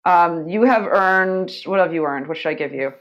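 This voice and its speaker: A woman co-hosting a casual podcast, animated and swearing freely with exaggerated outrage. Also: fairly low pitch, moderate pace, lo-fi sound. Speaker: podcast co-host. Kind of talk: casual chat.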